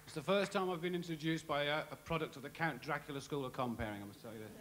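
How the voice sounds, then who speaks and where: A man in his thirties doing a live stand-up comedy routine with deadpan, quick absurd asides. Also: a little high, a loud crowd, very noisy. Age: 30s. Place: comedy stage before a live audience.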